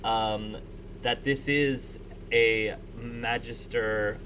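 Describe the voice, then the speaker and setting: A man runs a tabletop session, his narration stopping and starting as he works out the scene. His voice sits at an ordinary pitch, and a faint noise runs under the recording. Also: fairly even intonation, a bit bright, poor audio. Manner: halting, with many restarts and fillers. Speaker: game master.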